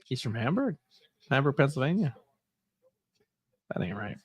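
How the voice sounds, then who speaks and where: A man's voice: medium pitch, sing-song, normal speed, husky. A man hosting a casual livestream, chatting loosely about wrestling and telling stories with a laugh, sleepy and yawning. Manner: chatty, laid-back, laughs at own stories. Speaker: livestream host. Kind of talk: casual chat watching wrestling.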